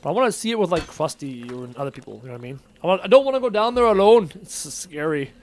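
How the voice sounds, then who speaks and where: High-voiced man chatting while gaming. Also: lively intonation, quick pace. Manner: chatty, muttering to himself while playing. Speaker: game streamer. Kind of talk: live gameplay commentary, reading chat aloud.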